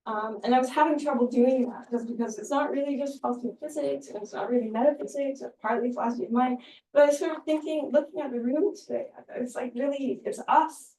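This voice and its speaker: A woman speaking at an academic conference, giving a halting, heartfelt tribute with many fillers, recorded in a lecture room. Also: high voice, fairly even intonation, dark tone, a little hiss or hum. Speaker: invited speaker. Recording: echoey room, distant mic.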